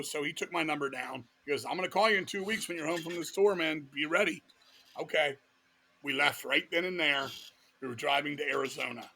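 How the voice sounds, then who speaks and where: A man's voice: on the high side, creaky, pushed and bright. A middle-aged man from Virginia, a metal vocalist guest telling wild stories full of profanity and quoted voices. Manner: profane, fast-paced anecdotes with voiced quotes. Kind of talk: animated storytelling in casual talk.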